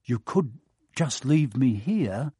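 A man's voice: a little high, big pitch swings, unhurried, a little mellow, no room sound, studio quality, full character voice. A man voicing a mistreated, hopeful young boy who speaks in an earnest, mild way.

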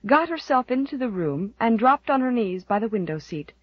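A woman reads a novel aloud in a gentle, even storytelling manner. Her voice is breathy, and the recording is dull and dry, with a lo-fi quality. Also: medium pitch, moderate pace, no echo. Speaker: audiobook narrator. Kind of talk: scripted narration.

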